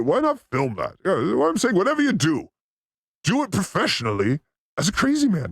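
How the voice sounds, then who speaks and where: A man hosting a podcast, trading crude jokes and playful riffs, swinging between loud bursts and mutters. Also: high voice, wildly swooping pitch, fairly quick, no room sound, studio quality. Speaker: podcast host. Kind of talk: crude comedic riffing.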